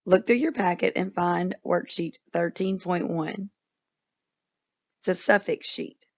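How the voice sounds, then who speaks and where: A woman's voice: on the low side, creaky, dull audio. A woman teacher giving a patient phonics lesson to young children, drawing out each word. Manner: patient, instructive, drawn-out words.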